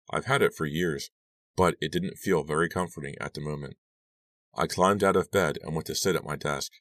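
Very deep-voiced male audiobook narrator. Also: fairly bright tone, dry recording. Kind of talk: scripted horror narration.

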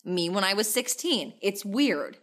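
A young woman co-hosting a podcast in crude, casual comedic chat, laughing often and jumping into high quoted voices. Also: very animated, measured pace, fairly bright tone. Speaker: podcast co-host.

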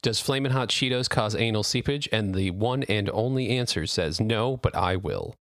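A man co-hosting a comedy podcast, making wry, deadpan jokes in casual chat. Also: fairly low pitch, normal speed, dry recording, clean studio sound. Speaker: podcast co-host.

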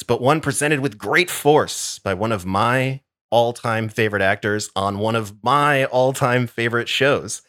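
A man's voice: medium pitch, a bit bright, no echo, studio quality. A man co-hosting a podcast, presenting his debate pick in a theatrical, affectionate courtroom style. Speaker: podcast co-host. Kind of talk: semi-scripted debate opening.

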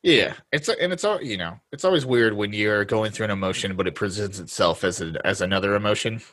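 A man's voice: lowish voice, fast talker, a bit bright. A man hosting a podcast, chatting casually in an easygoing way and laughing often. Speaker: podcast host. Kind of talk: casual chat.

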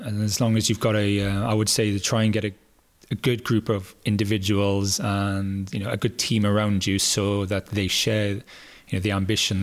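A British man, a former athlete, answering interview questions in a relaxed way, thinking aloud with fillers and restarts. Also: on the low side. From Britain. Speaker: guest, former hurdler. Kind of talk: casual podcast interview.

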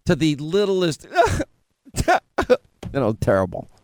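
A middle-aged man hosts a radio show, spinning meandering stories in easygoing banter, constantly restarting and cutting himself off. His voice is a touch high with big pitch swings, and he takes his time.

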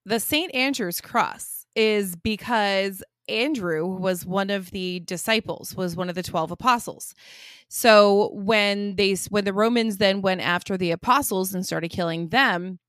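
Woman podcast host, expressive and giggly, dry close recording. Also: mid-range voice, no room sound. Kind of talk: casual chat.

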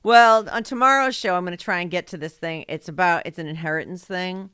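A woman's voice: fairly low pitch, brisk, a bit bright, smooth, dry recording, clean studio sound. A woman co-hosting a podcast in casual chat, swearing freely and giggling often. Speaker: podcast co-host.

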